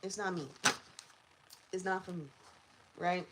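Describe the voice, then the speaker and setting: A woman hosting a live collective tarot reading, chatty and animated, often laughing. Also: on the low side, measured pace, heavy background noise. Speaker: tarot reader.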